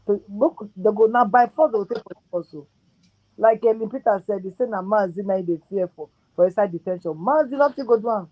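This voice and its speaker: A woman with a Nigerian accent calling in to a show and talking in excited, repetitive Pidgin. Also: medium pitch, fairly quick, no echo, muffled recording. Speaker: caller. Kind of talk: call-in chat.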